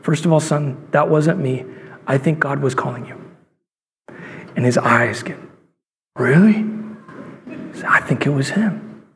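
Pastor preaching in a reverberant hall. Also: male voice, mid-range voice, normal speed, creaky, pauses often, a bit bright, slight background noise. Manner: storytelling, acting out voices in quotes. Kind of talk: sermon.

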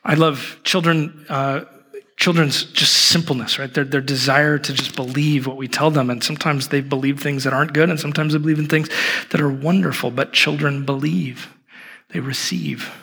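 A man in his thirties preaching a sermon at an evening church service, telling a story with humor and warmth. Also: a little high, moderate pace, vocal fry, slightly rough. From Portland, Oregon. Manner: animated storytelling with self-deprecating humor. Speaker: pastor.

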